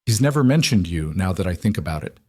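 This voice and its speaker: A man's voice: deep voice, big pitch swings, fast talker, dark tone, slightly rough, heavily acted. A man voicing an insecure adult husband who confesses hesitantly and apologetically in an audiobook.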